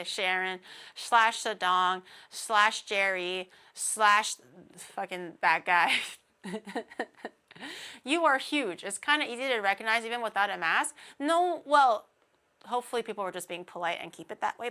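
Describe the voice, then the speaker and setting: A woman's voice: mid-range voice, pushed and bright, smooth. A young woman streaming, chatting casually with her viewers, laughing often, her voice slightly naggy and whiny. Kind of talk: casual livestream chat with chat readers.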